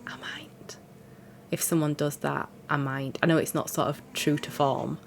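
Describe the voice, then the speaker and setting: A woman's voice: deep voice, fairly even intonation, moderate pace, gravelly, slight background noise. A woman, congested and sore-throated from a cold, chatting in a rambling, self-deprecating way about her cross-stitch. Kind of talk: casual chat.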